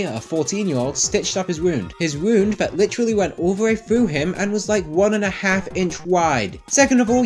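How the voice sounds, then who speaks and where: Young guy narrating his game run, dry sarcastic jokes, kinda high voice that jumps all over. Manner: wry and teasing, sighs and grumbles at the game. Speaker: gaming video creator. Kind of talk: sarcastic gameplay commentary.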